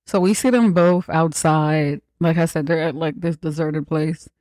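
A podcast host giving a casual, profane, joking recap of a movie, acting out characters' lines in quick asides. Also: medium pitch, steady tone, a little mellow, no echo.

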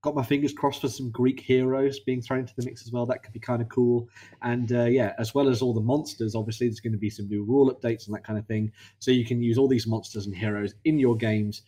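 A man co-hosting a casual gaming show, explaining news in a relaxed, rambling way. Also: mid-range voice, fast. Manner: relaxed, rambling, filler-heavy. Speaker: co-host. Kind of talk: casual chat.

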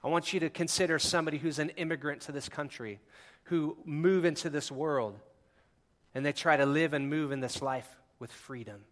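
A man preaching a sermon as pastor, impassioned and conversational, swinging from hushed lines to near-shouts. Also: a little high, normal speed. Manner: conversational, with asides and laughs.

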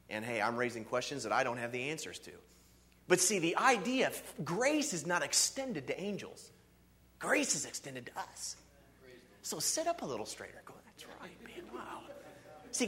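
Pastor type, male, slightly high voice with a lively, swooping delivery; preaches in a chatty, animated way. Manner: animated, conversational preaching with frequent "see" and "okay". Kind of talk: sermon.

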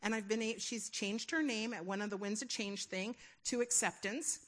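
A woman sharing a personal testimony at a church gathering, telling it in a rambling, animated way and acting out the dialogue she heard inside her. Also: medium pitch, normal speed. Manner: rambling, animated storytelling with quoted inner dialogue. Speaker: church member giving a testimony.

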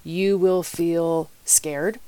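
Lower-voiced woman life coach, chatty. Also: fairly even intonation, drawn-out words, mellow, smooth, dry recording. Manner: chatty, candid, addresses listeners directly. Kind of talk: motivational podcast talk.

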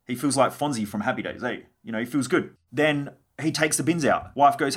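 Blunt young podcast host, quick and slightly husky, swears as he riffs. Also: medium pitch, fairly bright tone. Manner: blunt, swears freely, acts out quoted conversations. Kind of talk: solo podcast monologue.

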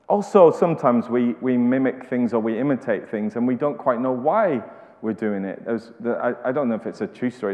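A man's voice: medium pitch, darkish tone. Man preaching in an echoey hall. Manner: conversational, frequent restarts and repeated words. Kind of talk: sermon. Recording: echoey hall, slightly dull sound.

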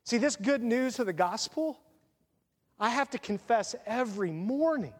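Man, pastor, middle-aged, earnest sermon, high voice, long hall reverb. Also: expressive, moderate pace. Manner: earnest, confessional preaching.

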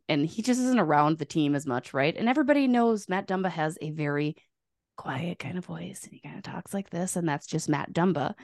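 A woman in her thirties hosting a casual sports podcast, chatty and quick to laugh. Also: deep voice, no echo, studio quality. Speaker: podcast host and sports writer.

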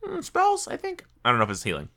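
A man co-hosting a casual gaming podcast, explaining things in an animated way and laughing often. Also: mid-range voice, fast, vocal fry. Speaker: podcast co-host.

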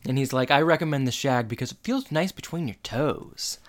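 A man's voice: medium pitch, animated, brisk. A man co-hosting a casual chat, retelling a TV episode and acting out characters' lines in a playful way. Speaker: podcast co-host.

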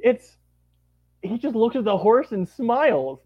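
Podcast guest, man, gushing and lively, lo-fi dry recording. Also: very high-pitched, unhurried, slightly rough, no room sound. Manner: animated, gushing, acts out quotes. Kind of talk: casual chat.

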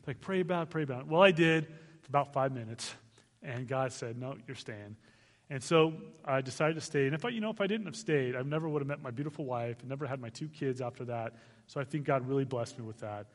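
A man in his forties from Arizona, a guest missionary speaker giving an animated testimony to a church, laughing as he tells it. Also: medium pitch, fast talker, long reverb tail. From Arizona, United States. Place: church sanctuary.

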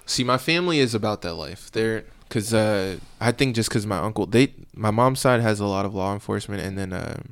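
A man speaks in a low, gravelly voice as he recounts his time as a police officer. His talk is loose and rambling, full of fillers and restarts. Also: lively intonation, a little fast, few pauses. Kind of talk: casual storytelling in an interview.

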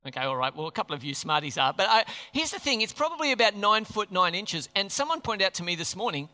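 A man's voice: high-pitched, big pitch swings, fast, bright, forceful tone. A man preaching a sermon, chatty and jokey, often asking the crowd questions. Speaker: pastor. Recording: long hall reverb.

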